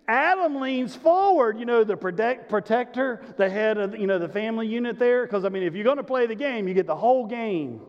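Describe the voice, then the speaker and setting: A man's voice: very high voice, lively intonation, normal speed. A man preaching a sermon as a pastor, telling the story animatedly and speaking straight to his congregation. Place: church sanctuary. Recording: muffled recording in a large reverberant hall.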